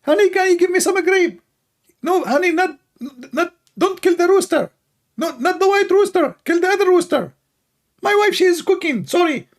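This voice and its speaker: A man putting on a squeaky preachy apologist. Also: expressive, moderate pace. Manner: sing-song sermonizing, exaggerated and mocking. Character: squeaky, preachy male Muslim apologist, mocked.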